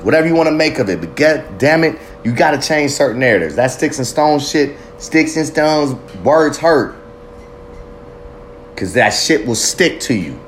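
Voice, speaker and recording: A man's voice: a little high, lively intonation, normal speed, a little hiss or hum. Fiery, profane man preaching recovery. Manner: fiery, swearing, rambling with tangents. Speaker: recovery motivational speaker. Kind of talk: profane motivational monologue.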